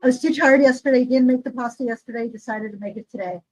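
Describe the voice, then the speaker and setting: Chatty high-voiced woman, rambling. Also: fast, muffled recording. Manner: chatty, rambling with many fillers. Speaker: podcast co-host. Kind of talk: casual chat.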